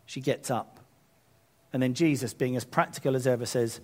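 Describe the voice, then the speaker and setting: A man preaching a sermon, retelling scripture in a lively paraphrase with casual asides. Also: medium pitch, moderate pace. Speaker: pastor.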